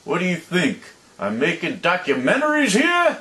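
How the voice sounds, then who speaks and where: An older man ranting on his vlog, profane and halting, with many fillers and angry outbursts. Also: high voice, wildly swooping pitch. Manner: angry shouting bursts. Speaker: vlogger.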